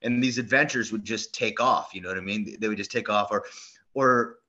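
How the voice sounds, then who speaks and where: A man co-hosting a podcast in casual chat, telling stories in a rambling, animated way full of fillers and restarts. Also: fairly low pitch, brisk. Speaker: podcast co-host. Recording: dull lo-fi sound.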